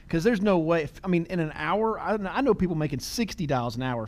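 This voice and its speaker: A man's voice: on the high side, lively intonation, quick pace, hardly any pauses. A middle-aged man hosting a podcast, talking casually, telling stories with quoted dialogue and laughing easily. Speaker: podcast host.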